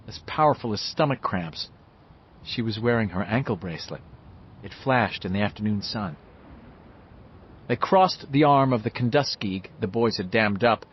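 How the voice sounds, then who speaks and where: A man narrating an audiobook with expressive storytelling. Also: medium pitch, a little hiss or hum. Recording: slightly muffled, dull audio.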